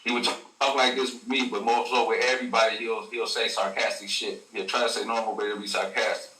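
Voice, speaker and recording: A man's voice: fairly low pitch, flat delivery, quick pace, pushed and bright. A man, a guest telling a story in casual slang, full of profanity and acted quotes. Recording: echoey room, a bit far from the mic.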